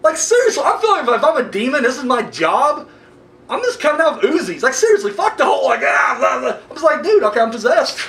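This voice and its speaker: A man ranting casually and profanely in a movie review, swinging between loud outbursts and mumbling. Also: very high voice, very animated, quick pace, creaky, echoey room, distant mic.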